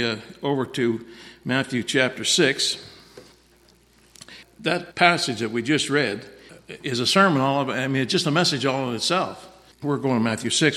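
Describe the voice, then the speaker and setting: A man's voice: mid-range voice, pushed and bright, long reverb tail. A man preaching a sermon in a folksy, repetitive way, dropping in frequent amens.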